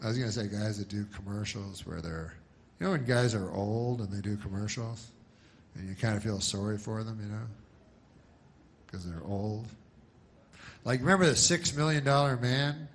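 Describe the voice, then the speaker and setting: A man performing a stand-up comedy set with a dry, deadpan, rambling delivery. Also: medium pitch.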